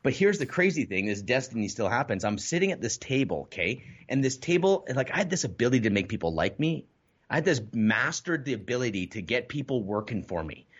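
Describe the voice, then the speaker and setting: A man telling his personal story in a candid interview, animated and lively. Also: medium pitch, a little fast, breathy edge, lo-fi sound. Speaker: podcast guest.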